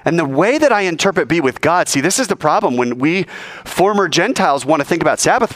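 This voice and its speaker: Lively, joking man preaching to students. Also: fairly high pitch, quick pace. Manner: animated, joking, acts out quoted voices. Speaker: youth speaker. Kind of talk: sermon to students.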